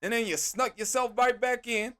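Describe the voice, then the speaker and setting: High-voiced man ranting casually. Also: moderate pace, smooth. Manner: animated, exasperated ranting with slang. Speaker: podcast host. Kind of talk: casual wrestling review.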